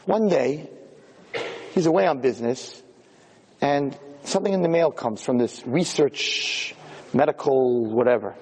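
A man giving a sermon as an animated, excitable storyteller. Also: mid-range voice, unhurried, slightly rough. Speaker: lecturer. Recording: long hall reverb.

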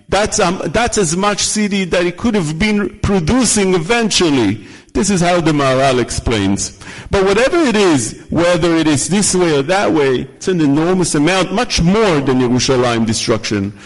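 Man, high voice, rabbi giving a Torah class, emphatic, rattles off quick Hebrew quotes. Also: rough recording. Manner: mixes in rapid Hebrew quotations; emphatic, repeats words for stress. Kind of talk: Torah lecture.

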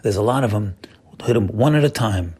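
A man's voice: on the low side, animated, a little fast, mellow, husky. A man giving a casual, folksy Torah talk, repeating phrases and calling listeners his friends. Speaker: religious teacher.

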